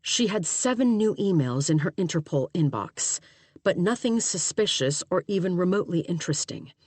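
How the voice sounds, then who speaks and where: A woman narrates an audiobook in a steady, even manner. Her voice sits low, and the booth sound is dead dry with no room at all. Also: moderate pace, slightly rough, no room sound. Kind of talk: scripted narration.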